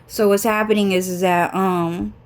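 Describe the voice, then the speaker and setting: A woman's voice: medium pitch, fairly even intonation, normal speed. Congested woman in a profane, rambling rant. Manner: profane, rambling, many restarts and fillers. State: congested, runny nose. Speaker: vlogger. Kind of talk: rambling storytime monologue.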